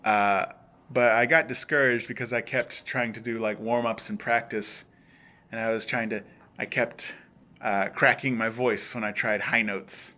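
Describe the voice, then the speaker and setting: A man's voice: on the low side, steady tone, unhurried, pushed and bright. A young man vlogging in a rambling, self-mocking monologue with frequent hesitations.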